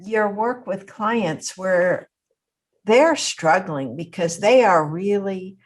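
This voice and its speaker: A woman's voice: mid-range voice, takes it slowly. A woman hosting a podcast interview, thinking aloud in a reflective, conversational way. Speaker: podcast host.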